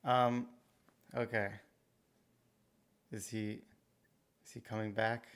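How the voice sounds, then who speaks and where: A man hosting a casual chat over a video call, talking in a relaxed, offhand way. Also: on the low side, slow pace, clear, resonant tone.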